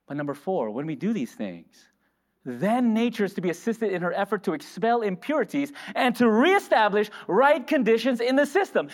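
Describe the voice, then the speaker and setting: A man's voice: high voice, sing-song, normal speed. A man preaching a sermon in a church, asking the congregation questions and answering them himself. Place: church hall. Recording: reverberant church hall.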